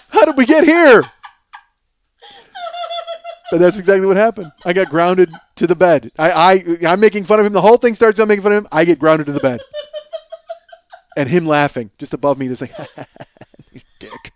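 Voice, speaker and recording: A man's voice: sits high, brisk, a little hiss or hum. Rambling, profane man from Chicago. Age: 40s. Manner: rambling, profane, animated when worked up. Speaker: comedy podcast host. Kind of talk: casual comedic storytelling.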